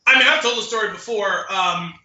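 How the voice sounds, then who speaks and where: A high, sharply bright male voice rambles through a story with dry asides. He is chatting casually as a podcast co-host. The sound is roomy and echoey. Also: brisk, dull audio. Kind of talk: casual chat. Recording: roomy echo.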